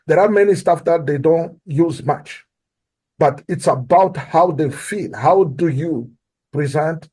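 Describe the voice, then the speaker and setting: A man's voice: fairly high pitch, dark tone, husky. A man from Africa with an accent, earnestly coaching on sales follow-up and repeating key phrases for emphasis. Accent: non-native English. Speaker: guest.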